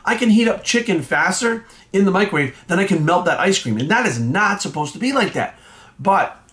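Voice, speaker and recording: A man's voice: high-pitched, expressive, fairly quick, a bit bright. Indignant, foul-mouthed man with a raised voice. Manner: blunt, indignant, swears constantly. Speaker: fitness trainer and coach. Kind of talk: profanity-laced casual rant.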